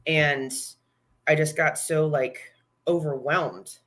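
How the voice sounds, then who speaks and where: A woman's voice: deep voice, steady tone, slow pace, a bit bright. Young adult woman, podcast guest, candid and chatty with easy laughs. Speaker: guest, new mother. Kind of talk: casual podcast chat.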